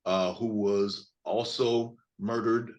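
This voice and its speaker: Hoarse low-voiced man in his fifties. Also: fairly even intonation, highs cut off. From Mississippi. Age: 50s. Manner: measured, with frequent fillers. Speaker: attorney. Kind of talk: press conference statement.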